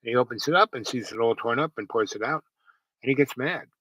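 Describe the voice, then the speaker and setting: A man in a middle pitch tells a long personal story, circling back with "you know" and restarts. His voice is bright and forward, recorded close in a dry space with no room sound. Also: brisk, slightly rough, no room sound, rough recording. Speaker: host. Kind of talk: casual storytelling.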